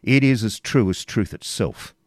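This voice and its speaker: Audiobook: male reader doing a grim, worn knight, grave and blunt, lowish voice. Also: normal speed, a little mellow, no room sound, studio quality, natural voice. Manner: grave, blunt courtly speech. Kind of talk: audiobook character reading.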